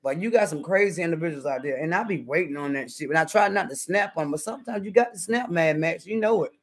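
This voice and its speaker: Cooking at home during a live stream, this YouTuber from the southern United States is a middle-aged woman who talks casually with a sassy, blunt, cuss-heavy style. She has a lowish, husky voice and a quick pace, captured in poor audio.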